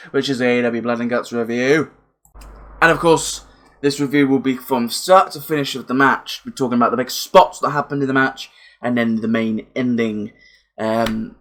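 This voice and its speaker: A young man with a somewhat high voice rambles excitedly through a review of a wrestling event. He's casual, swears freely, and keeps repeating himself.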